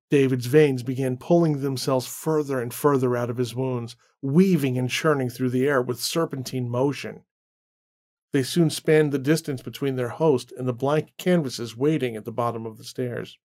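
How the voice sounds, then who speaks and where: A man narrating a horror story in a measured, dramatic way. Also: medium pitch, a little mellow.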